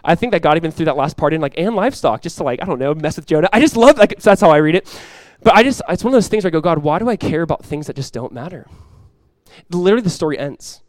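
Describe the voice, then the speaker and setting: A man's voice: a little high, expressive, very fast, dry recording. A young man preaching a sermon as pastor, conversational and self-deprecating, rising to emphatic peaks. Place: church.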